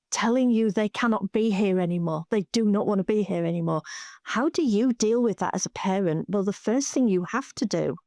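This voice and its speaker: A woman who is an author and a parent, speaking earnestly and in a measured way as a podcast guest. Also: mid-range voice, a little mellow, dry recording, clean studio sound. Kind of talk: conversational podcast interview.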